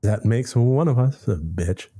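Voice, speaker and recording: Man playing a snooty French-accented cat, female, aloof, musing on life, mellow tone. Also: mid-range voice, lively intonation, a little slow, breathy edge, voice pushed up. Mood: scornful. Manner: aloof, scornful, grandly musing. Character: haughty philosophical female cat. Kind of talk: reading a story game aloud.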